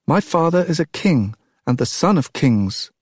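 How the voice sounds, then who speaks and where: A nervous young boy with a high, scratchy voice, stiff and earnest, as a man reading the storybook puts him on. The recording is close and dry, with no room sound. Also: sing-song, measured pace, darkish tone, slightly rough, no room sound, heavily acted. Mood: hesitant. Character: nervous nine-year-old boy suitor.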